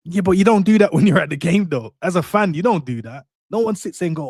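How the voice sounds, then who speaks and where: A man's voice: high-pitched, lively intonation, fast, darkish tone, dry recording. Rambling man, dry close sound. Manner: rambling, restarts sentences, laughs often. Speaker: co-host of a football channel. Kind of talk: casual chat.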